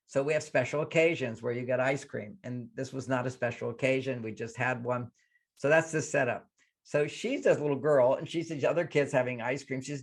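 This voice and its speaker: A therapist talking as an interview guest, telling an animated story and acting out the dialogue. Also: male voice, medium pitch. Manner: animated, acts out dialogue, warm reassuring tone in quotes.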